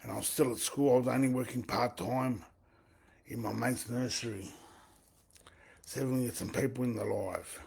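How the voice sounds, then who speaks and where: A man, his voice rough with a gravelly fry and a husky, raspy edge. He rambles on a live stream and keeps repeating himself, going back over the same phrases. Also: medium pitch, steady tone, moderate pace, long pauses, a little mellow. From Australia. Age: 40s. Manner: repetitive, circling back on his own phrases. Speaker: livestream host.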